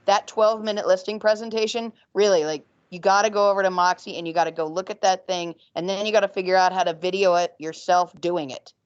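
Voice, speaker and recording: Over a dull, dry video call line, a woman real estate agent answers in a panel interview, her slightly froggy voice fairly low, fairly even in intonation, and smooth, with no room sound. She is emphatic and repetitive and speaks in rushes.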